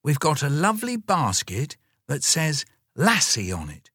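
A man's voice: huge pitch swings, measured pace, bright, forceful tone, slightly rough, no echo, studio quality, exaggerated voice. A man voicing an eager five-year-old girl in a storybook reading. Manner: eager, high and piping.

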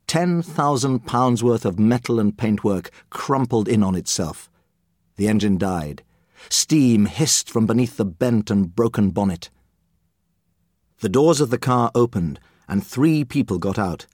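A man reading a children's story aloud as an audiobook narrator, with lively, expressive storytelling. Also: lowish voice, measured pace, dry recording, studio quality.

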